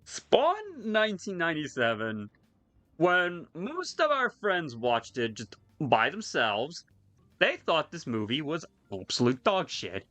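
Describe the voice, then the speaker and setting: Excitable man, bright, animated delivery; casual swearing host. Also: medium pitch, no room sound. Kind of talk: casual chat with friends.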